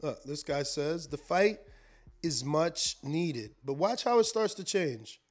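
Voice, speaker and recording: A boxing show host with a voice on the high side talks slowly and expressively on a live stream. He rambles casually and repeats words while reading out viewer comments.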